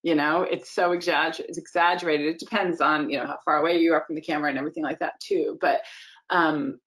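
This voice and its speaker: A woman casting director answering interview questions in an animated, emphatic way, with quick asides. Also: low voice. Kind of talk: casual interview talk.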